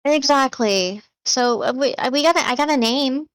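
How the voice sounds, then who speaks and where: Chatty woman player, fairly high voice. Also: moderate pace, a bit bright, clear, resonant tone, dry recording. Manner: chatty, hesitant thinking aloud. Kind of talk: casual tabletop play.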